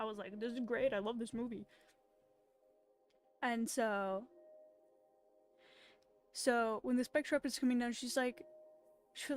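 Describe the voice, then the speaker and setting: Woman artist, unhurried, higher voice, rambly chat over faint music. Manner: rambling, tangent-prone, chatty. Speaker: artist streamer. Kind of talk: casual chat while drawing. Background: faint background music.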